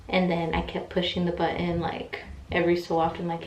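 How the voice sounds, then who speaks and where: A young woman telling a personal story in a casual, animated way, acting out what people said. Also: lowish voice, brisk, few pauses, slight background noise. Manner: chatty, animated retelling with quoted voices. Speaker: vlogger. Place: room at home, in pajamas. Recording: echoey room, mic set back.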